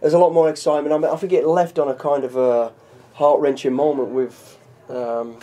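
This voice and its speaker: A man's voice: a little high, steady tone, a little fast, warm tone. A middle-aged man, a former soldier, chatting as an interview guest and telling stories with many "you know"s. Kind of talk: casual interview.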